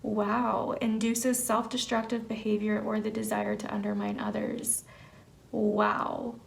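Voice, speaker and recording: A woman's voice: mid-range voice, completely flat delivery, a little slow, vocal fry, slight background noise. A young woman giving an earnest, emphatic tarot reading to camera in a casual way, full of "like" and "you know". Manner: earnest, emphatic, filler-heavy. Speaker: tarot reader.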